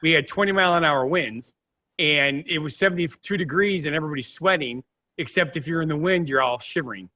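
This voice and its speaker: Bright-voiced Midwestern male co-host. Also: a little high, a little fast. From American Midwest. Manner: chatty, reads segments aloud. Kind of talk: casual podcast chat.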